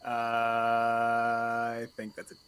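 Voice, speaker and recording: A man's voice: mid-range voice, completely flat delivery, very slow, fairly bright tone, clear, resonant tone. A man playing a tabletop game, counting out moves and swearing at his dice rolls in a laid-back way. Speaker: player. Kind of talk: casual tabletop play.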